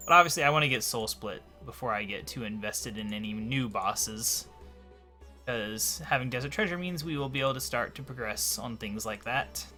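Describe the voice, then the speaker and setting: A man talks through his gameplay in a relaxed, thinking-aloud way. His voice has a bright edge and sounds a little hoarse. Faint music plays underneath. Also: mid-range voice, moderate pace. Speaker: let's play commentator. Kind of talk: casual gameplay commentary.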